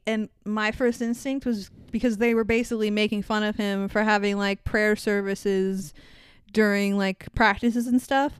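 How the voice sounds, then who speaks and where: A woman co-hosts a casual film recap. She is animated and sarcastic and swears freely. Her voice is smooth and sits a little high, recorded close and dry. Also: dry recording. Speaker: podcast co-host. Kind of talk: casual movie recap chat.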